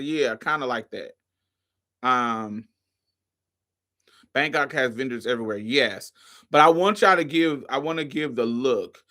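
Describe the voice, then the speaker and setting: A woman's voice: a bass voice, fairly bright tone. A woman hosting a show, casually telling a story to her listeners, swearing freely and calling them y'all, honey and baby. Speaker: host.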